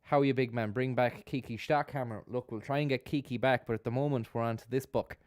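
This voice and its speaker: A man's voice: medium pitch, steady tone, quick pace, a little mellow, no echo, studio quality. A man hosting a live stream, giving sardonic, rambling commentary on a video and swearing freely as he goes. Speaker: streamer host.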